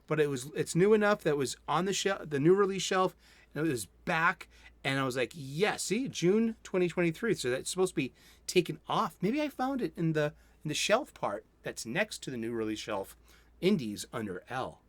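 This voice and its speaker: A man's voice: fairly high pitch, sing-song, moderate pace, no echo. A man, hosting a casual solo comics review stream and rambling enthusiastically with many self-interruptions. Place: home studio.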